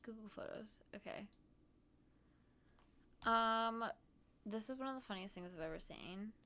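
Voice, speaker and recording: A woman's voice: mid-range voice, animated, measured pace, bright, forceful tone, slight background noise. A woman streamer chatting casually about her trip while showing photos, bubbly and giggly with lots of "um" and "like".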